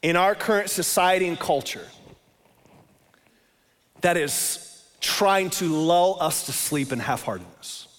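High-voiced man preaching in a hall. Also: animated, slow, long pauses, a bit bright. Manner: conversational, emphatic, repeats phrases. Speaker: pastor. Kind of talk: sermon.

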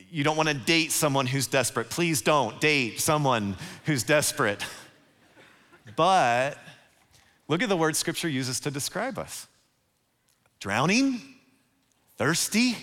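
A man preaching a sermon as pastor, animated and acting out the voices he quotes. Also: mid-range voice. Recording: long hall reverb.

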